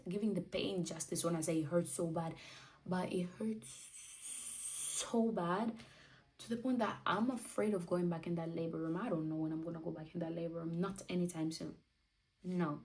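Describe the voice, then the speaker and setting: A woman's voice: on the low side, darkish tone, recorded from a distance, poor audio. A twenty-year-old woman telling a personal story in a candid, emotional way, acting out what she and others said. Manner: candid, emotional, acts out her own quotes. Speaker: vlogger.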